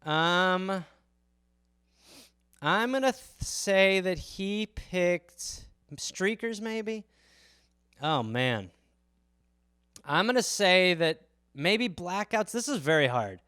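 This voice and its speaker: A man with a high, bright, crisp voice hosts a solo comedy podcast. He riffs loosely and swears a lot. He rambles along with plenty of fillers. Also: expressive, very slow, long pauses, no echo, studio quality. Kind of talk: casual solo riffing.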